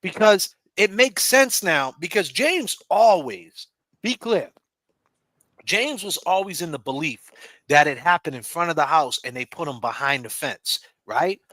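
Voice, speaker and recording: A man's voice: fairly high pitch, animated, measured pace, bright, forceful tone, no room sound. A man hosting a livestream, talking in a heated, profane, riffing way and taunting mockingly. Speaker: livestream host. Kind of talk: casual heated chat.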